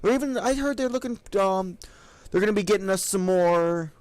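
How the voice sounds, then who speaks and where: A man's voice: sits high, a little fast, no room sound, pitched above the performer's own voice, close to an everyday voice. A man doing a flirty woman town guard. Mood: gushing. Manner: coy, teasing, drops to a soft hush.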